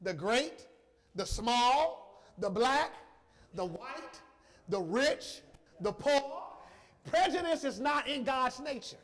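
Man preaching, very high voice, emphatic, repetitive, emotional sermon. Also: animated, takes it slowly, fairly bright tone. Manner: emotional, addresses congregation directly.

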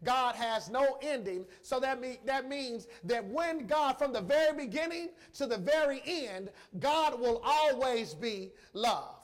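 A man with a very high, animated voice preaches an emotional, emphatic sermon. He repeats phrases, slows down for emphasis, and calls out directly to the congregation.

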